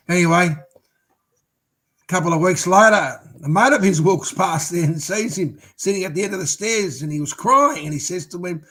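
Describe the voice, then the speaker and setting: A man's voice: on the high side, lively intonation, moderate pace, pushed and bright. A man co-hosting a football podcast, telling jokes in a hesitant way with many fillers. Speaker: podcast co-host. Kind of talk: casual footy podcast banter.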